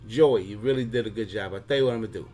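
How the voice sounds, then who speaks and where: A man's voice: on the low side, very fast, dark tone, close to an everyday voice. Demanding mob-boss godfather who issues threats, done by a man in a comic explainer. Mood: threatening. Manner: commanding, repeats orders, threatens.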